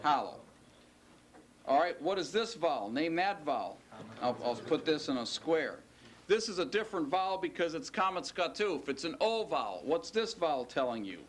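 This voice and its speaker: A man's voice: on the high side, sing-song, a little hiss or hum. A man teaching a class and lecturing, quizzing students and stretching out the key words. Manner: questioning, drawn-out stressed words. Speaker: Hebrew teacher.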